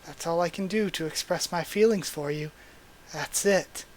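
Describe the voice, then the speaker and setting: A frank young rabbit girl, small and blunt and a little exasperated, voiced by a man reading a manga aloud. His voice sits a touch high but stays close to his own. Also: moderate pace, lightly acted. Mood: wistful.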